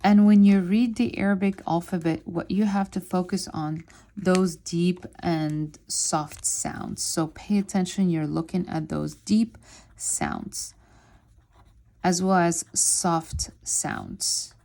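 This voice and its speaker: A woman teaching a reading lesson, stretching out each syllable at an unhurried pace. Her voice sits a little low and sounds mellow. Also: lively intonation, gravelly. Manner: slow and deliberate, sounding out syllables. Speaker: Arabic teacher. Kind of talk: spoken lesson while writing on a board.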